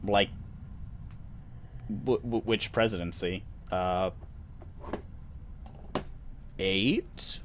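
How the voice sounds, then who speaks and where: A man's voice: low-pitched, steady tone, extremely slow, long pauses, slight background noise. A man narrating a solo tabletop game in a self-amused, chatty way, dropping jokey asides.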